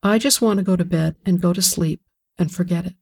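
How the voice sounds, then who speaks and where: Give me a narrator playing a nervous wife, polite and softly evasive. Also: female voice, fairly low pitch, fairly quick, creaky, breathy edge. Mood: anxious. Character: tense, nervous wife eager to get away.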